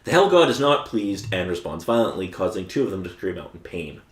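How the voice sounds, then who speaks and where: A man's voice: sits low, very animated, brisk, reverberant. A man co-hosting a podcast, recapping a show's plot in casual chat and chuckling often as he goes. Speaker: podcast co-host recapping episodes.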